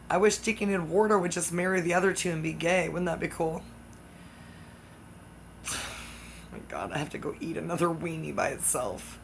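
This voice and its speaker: A speaker with a mid-range voice delivers a rambling comic monologue that hops from topic to topic. Excitable outbursts alternate with sudden drops into whispers, and the recording has a little hiss or hum.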